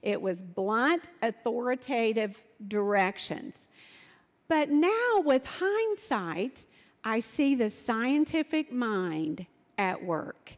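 Animated woman telling family stories. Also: on the high side, slow, big-room sound. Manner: animated, acts out quotes of her kids. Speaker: speaker sharing parenting stories. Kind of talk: storytelling talk.

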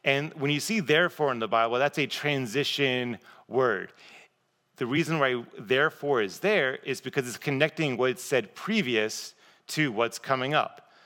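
Bright-voiced man preaching in a hall. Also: medium pitch, normal speed. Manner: casual, conversational, self-deprecating. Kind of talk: sermon. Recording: long reverb of a large hall.

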